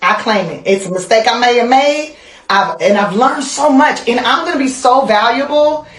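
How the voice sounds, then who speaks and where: A woman telling a candid personal story in a casual interview, animated and profane, laughing as she goes. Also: a little high, moderate pace, roomy sound. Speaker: interview guest.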